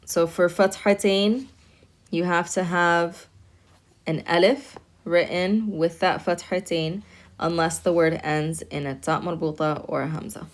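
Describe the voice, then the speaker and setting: A woman with a somewhat low voice teaches an online lesson. She talks patiently, says each word slowly more than once and keeps asking "okay?". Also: steady tone. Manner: patient, repeats words slowly and checks in with "okay?". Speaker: Arabic teacher.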